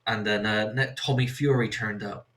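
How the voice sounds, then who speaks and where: Bright-voiced man with a West Country accent. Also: lowish voice, steady tone, moderate pace. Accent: West Country English. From Somerset, England. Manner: rambling anecdotes, acts out quoted voices. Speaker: podcast host. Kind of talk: casual chat, storytelling.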